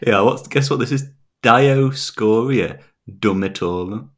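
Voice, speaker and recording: A man's voice: mid-range voice, unhurried. A man in casual chat, laughing often and stumbling over difficult words.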